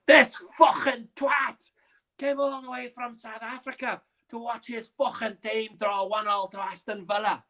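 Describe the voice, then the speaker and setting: A man voicing a loud, rowdy Liverpool man in a restaurant with a put-on Scouse accent, shouting brashly. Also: very high-pitched, little pitch movement, measured pace, voice pushed up, full character voice. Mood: bellowing.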